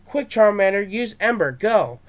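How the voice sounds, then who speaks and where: Eager cocky boy trainer, shouted commands, higher voice, young man doing it. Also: animated, moderate pace. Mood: shouting.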